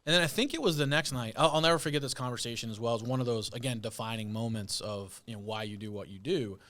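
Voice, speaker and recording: A man's voice: medium pitch, quick pace, a bit bright. A man who is a guest on a podcast, telling stories about putting on concerts in a reflective, playful, conversational way. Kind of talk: casual interview chat.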